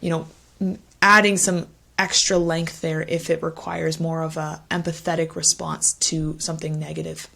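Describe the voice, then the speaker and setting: A woman's voice: sits low, level tone, moderate pace, gravelly, fairly bright tone. A young woman teaching test-speaking skills in an online lesson, demonstrating short listening phrases with varied intonation.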